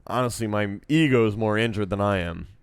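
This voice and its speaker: A man's voice: on the low side, normal speed, smooth, no echo, studio quality. Profane man reading a visual novel aloud. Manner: sarcastic, profane, talks to chat. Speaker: streamer playing a visual novel. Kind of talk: reading game text aloud with casual commentary. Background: guitar music.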